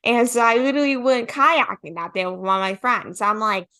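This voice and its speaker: A woman's voice: a little high, fairly even intonation, brisk, sharp tone. A young woman, a podcast host, chatting casually and saying "like" again and again. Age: young adult. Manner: chatty, says "like" constantly. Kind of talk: casual interview chat.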